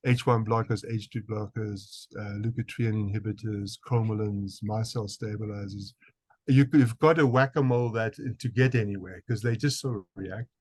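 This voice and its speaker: A man's voice: lowish voice, fairly even intonation, normal speed, a little mellow, husky, no room sound. A man with a South African accent, a physician answering interview questions emphatically, often repeating words as he restarts. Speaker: guest physician.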